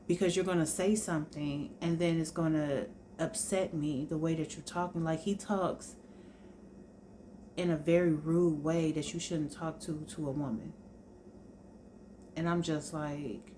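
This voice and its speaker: Low-voiced woman chatting casually. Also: a little mellow, a little hiss or hum. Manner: chatty, informal storytelling, addresses viewers as y'all. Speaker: vlogger. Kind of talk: casual sit-down chat.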